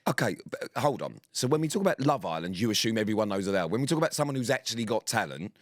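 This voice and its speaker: A podcast co-host with a fairly low voice, blunt and emphatic, who swears freely and pushes back in banter. He is recorded close and dry on a studio mic. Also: very animated, very fast, no room sound. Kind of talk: casual chat.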